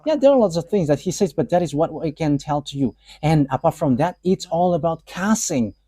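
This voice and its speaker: A man delivers a live sermon in a halting, restart-filled way, chuckling often between thoughts. His voice sits a bit high but has a mellow, dark tone. The sound is dry and close, with no room echo. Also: expressive. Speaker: preacher.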